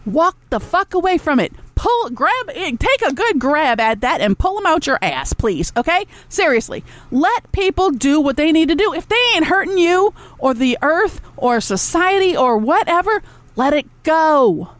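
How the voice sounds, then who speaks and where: A woman's voice: sits high, sing-song, normal speed, hardly any pauses, no echo. A woman hosting a podcast, ranting bluntly and sarcastically with lots of swearing and asides to her chat room. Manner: talks back to a chat room. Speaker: podcast host. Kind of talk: ranting solo podcast talk.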